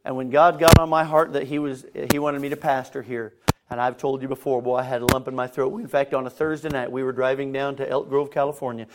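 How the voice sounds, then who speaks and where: A male pastor telling a personal story in a sermon, swinging between self-mocking humor and quiet, earnest stretches. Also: medium pitch, little pitch movement, quick pace, very noisy.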